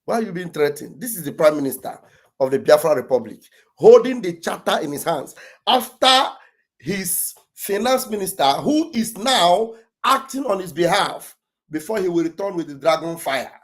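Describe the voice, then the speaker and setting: A man gives animated, mocking commentary over video clips, repeating phrases and breaking into shouts. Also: sits high, moderate pace. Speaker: online commentator.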